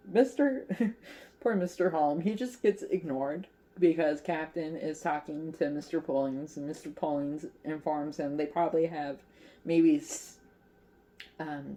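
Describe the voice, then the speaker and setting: A woman's voice: sits low, a little mellow. A woman hosting her crochet channel, casually retelling a favorite movie in a chatty, rambling way with lots of fillers, acting out the characters' lines. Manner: playful, acts out characters' lines.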